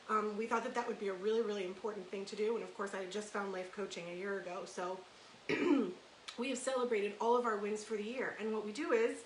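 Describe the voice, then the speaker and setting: A woman's voice: a little high, a bit bright. Chatty woman host in an echoey room. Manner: chatty, rambling, many fillers and restarts. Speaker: podcast host and life coach. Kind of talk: casual livestream monologue. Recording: echoey room with faint hiss.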